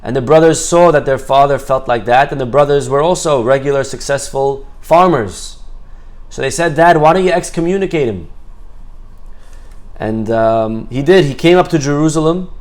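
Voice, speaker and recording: A man's voice: mid-range voice, moderate pace. A man teaching a Torah class, telling a story with Hebrew phrases mixed in and acting out the characters' voices. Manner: lively storyteller, acts out quoted voices.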